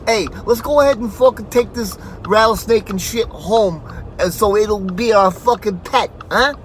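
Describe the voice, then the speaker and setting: A man voicing a reckless young male show-off who swaggers and taunts in a loud, profane voice. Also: high-pitched, normal speed, a little hiss or hum, voice pushed up, close to an everyday voice. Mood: taunting boast.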